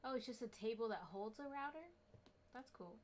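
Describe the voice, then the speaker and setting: A woman's voice: on the high side, fairly quick. A woman co-hosting a casual livestream, chiming in from the side to relay chat messages. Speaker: co-host.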